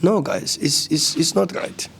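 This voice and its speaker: Fired-up coach, high-pitched. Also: male voice, a little slow, creaky, fairly bright tone, slight background noise. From South Africa. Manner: passionate, repeats words when agitated. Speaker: football coach. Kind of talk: post-match press conference.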